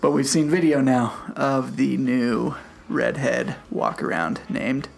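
A man's voice: medium pitch, very animated, slow pace, creaky. A man co-hosting a podcast, chatty and agreeable in casual talk. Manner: agreeable, chatty, many short yeahs. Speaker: podcast co-host. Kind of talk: casual chat.

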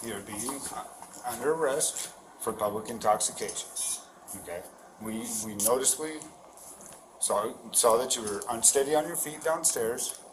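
A male police officer speaking on a body camera in a courthouse hallway, halting and repeating himself. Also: medium pitch. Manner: halting, repeats words and "okay". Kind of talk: bodycam arrest exchange. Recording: echoey hall with noise.

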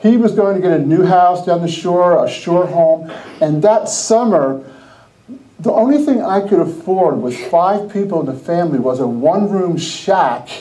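A middle-aged man from New Jersey tells personal stories on a Christian podcast in a rather high, soft, mellow voice. He laughs often and acts out what people said, keeping the talk lively and casual. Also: moderate pace, poor audio. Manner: animated, laughing, acts out quoted dialogue. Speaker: podcast host.

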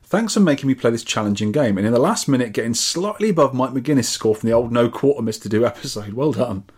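A man's voice: mid-range voice, expressive, fast talker, a little mellow, slightly rough. A man from England co-hosting a podcast, reading out listener scores and comments with wry asides in casual chat. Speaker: podcast co-host.

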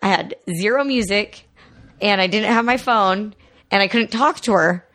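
A woman's voice: medium pitch, moderate pace, fairly bright tone. A woman co-hosting a casual podcast chat, candid and blunt, swearing casually as she tells stories. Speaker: podcast co-host.

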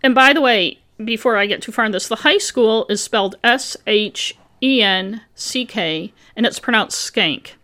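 A woman's voice: a little high, moderate pace, few pauses, bright, forceful tone. A woman hosting a podcast, reading her own true-crime script with casual asides to her co-host. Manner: reads a researched script with asides.

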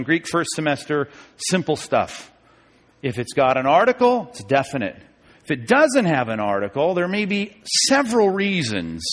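Teaching Bible study in a relaxed, chatty style, a pastor keeps asking his listeners "okay?" and "right?". His voice is on the high side and a bit bright, echoing with the long reverb of a large hall.

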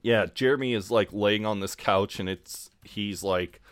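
A man co-hosting a podcast, chatting casually about a TV episode, relaxed and swearing now and then as he quotes the characters. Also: on the low side, measured pace, no echo. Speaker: podcast co-host. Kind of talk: casual chat recapping a TV episode.

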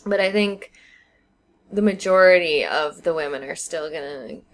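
A woman co-hosting a casual podcast chat, explaining her views at length with thoughtful pauses and fillers. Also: sits low. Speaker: podcast co-host. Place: living in China.

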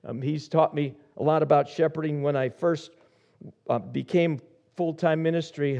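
Pastor preaching with a lo-fi sound. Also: male voice, a little high. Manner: storytelling, shifting from soft asides to rising emphasis. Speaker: senior pastor. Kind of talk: sermon.

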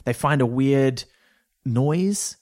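A man's voice: mid-range voice, very slow, darkish tone, no room sound. Chatty man, dry close sound. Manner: chatty, rambling, with fillers and restarts. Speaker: podcast co-host, writer of a radio series. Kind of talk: casual podcast chat.

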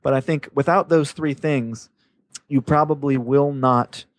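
A man co-hosting a podcast in relaxed chat, upbeat and easygoing, calling his partner man and dude. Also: medium pitch, measured pace, no room sound. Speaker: podcast co-host.

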